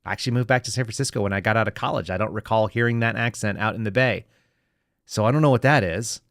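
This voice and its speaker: A man's voice: fairly low pitch, fast, vocal fry, a bit bright, no room sound. Sarcastic male podcast host, dry sound. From United States. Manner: sarcastic, talks to live chat. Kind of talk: political commentary.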